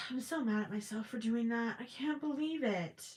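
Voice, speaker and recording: A woman's voice: fairly high pitch, moderate pace, a little mellow. A young woman casually chatting on a livestream while crocheting, reading viewer questions aloud and teasing herself. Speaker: livestream host.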